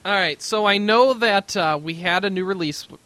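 A man's voice: sits high, moderate pace, pushed and bright, low-quality recording. A man hosting a casual group podcast, joking and laughing at himself as he leads the talk. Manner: joking, self-mocking, laughs often. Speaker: podcast host.

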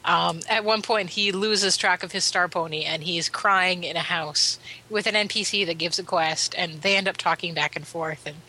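A woman's voice: on the low side, moderate pace, hardly any pauses, sharp tone, low-quality recording. A woman co-hosting a casual podcast, teasing the others and telling stories. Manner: teasing, storytelling. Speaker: podcast co-host.

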